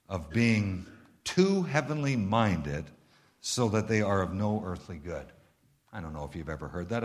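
A Canadian-accented man preaching a sermon. His pitch rises and falls freely as he stresses lists of words. He keeps asking his listeners pointed rhetorical questions. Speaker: pastor.

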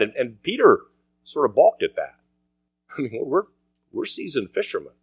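A man preaching a sermon as pastor, earnest, often dropping to a quiet voice for emphasis. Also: mid-range voice, sing-song, normal speed, breathy edge, dry recording. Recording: dry, dull lo-fi sound.

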